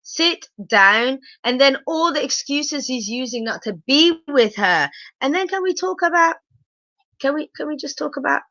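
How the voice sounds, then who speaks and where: A woman's voice: high-pitched, animated, normal speed, fairly bright tone, dry recording, muffled recording. A woman giving a chatty live review of a reality show, exclaiming and asking her viewers questions. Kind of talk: live casual episode review.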